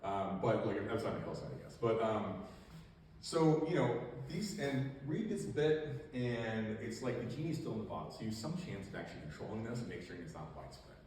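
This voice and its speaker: A man's voice: lowish voice, lively intonation, brisk, darkish tone. Man giving a casual talk in an echoey hall. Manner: casual, rambling, joking, many fillers. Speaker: invasive species educator. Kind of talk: public educational talk. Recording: echoey hall, distant mic, faint room noise.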